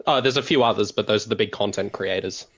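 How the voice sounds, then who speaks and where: An Australian man on a voice call, calmly explaining a card game in a measured way, with frequent "um" pauses. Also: fairly low pitch. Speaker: guest deck expert. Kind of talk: casual explanatory chat over voice call.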